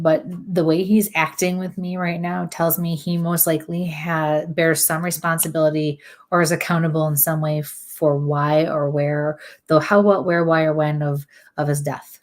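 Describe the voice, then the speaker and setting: Low-voiced woman giving a psychic reading. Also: little pitch movement. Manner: hesitant, halting delivery with many fillers. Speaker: medium.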